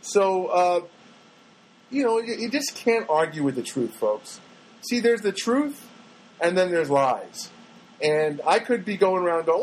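On his own podcast, a middle-aged host delivers a rambling solo monologue, poking fun at himself and sometimes singing a few bars. He sounds high and animated at a moderate pace, with slight background noise and poor audio.

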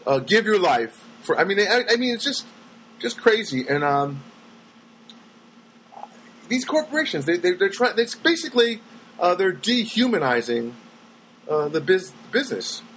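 A man's voice: high voice, normal speed, long pauses, a little hiss or hum, poor audio. A man telling rambling everyday stories in a casual monologue, acting out the voices of people he met. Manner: rambling, animated, acts out voices of people he quotes.

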